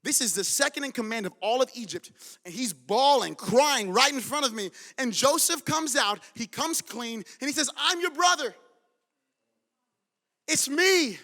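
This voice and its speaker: A man's voice: extremely high pitch, expressive, moderate pace, bright, forceful tone. A man preaching a sermon as pastor in a church, urging his congregation with fervent conviction. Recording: long reverb of a large church hall.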